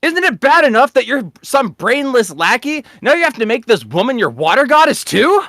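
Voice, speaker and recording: Mulher fazendo um jovem nobre arrogante e gritão. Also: female voice, on the high side, big pitch swings, moderate pace, voice pushed up, full character voice. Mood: indignant ranting. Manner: shouting, indignant, arrogant. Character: proud hot-headed young male noble.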